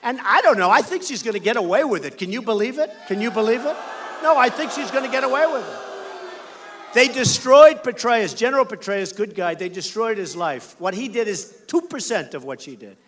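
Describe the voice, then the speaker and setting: A man's voice: sits high, lively intonation, a little fast, a bit bright. An American man giving an emphatic, repetitive campaign rally speech as a political candidate on a stage microphone in a large indoor venue.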